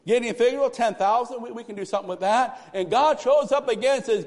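A man preaching a lively sermon, swinging from loud cries to hushed asides. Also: extremely high pitch, fast, few pauses. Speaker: pastor. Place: church sanctuary. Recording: live church sanctuary with long reverb.

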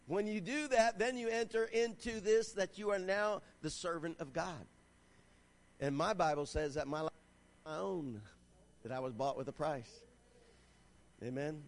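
A man preaching a sermon, his voice pitched high for a man. He reads scripture aloud and exhorts the congregation with growing fervor, often asking for an "Amen.". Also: unhurried, pauses often. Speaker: pastor.

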